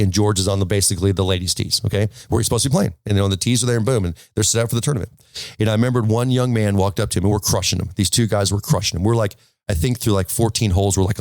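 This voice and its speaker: Man, golf instructor, rapid delivery, low pitch, dry close sound, emphatic, keeps saying okay. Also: creaky, a little mellow, no echo. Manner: storytelling, full of restarts. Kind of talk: casual instructional talk to camera.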